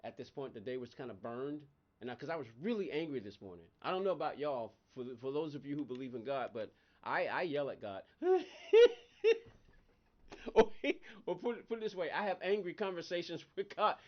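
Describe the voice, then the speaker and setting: Hosting a live game stream, a man chats casually and rambles between stories, laughing often, his voice jumping up when he gets excited. He speaks fast at medium pitch, and the audio is dull.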